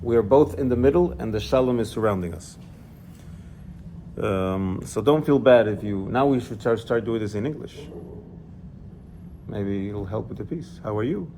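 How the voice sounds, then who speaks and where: A man's voice: lowish voice, normal speed, pauses often, warm tone, slight background noise. A man teaching a class conversationally, explaining and telling a story, checking in with listeners. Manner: conversational, asks class for agreement. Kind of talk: lecture with storytelling.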